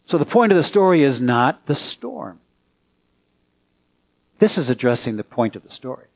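A pastor preaching a conversational sermon in a church, turning to the congregation with questions. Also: male voice, mid-range voice, sing-song, moderate pace, creaky.

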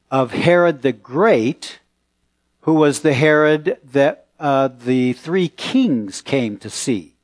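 A middle-aged male pastor preaching a sermon, telling stories in an animated way with quick laughs. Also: mid-range voice.

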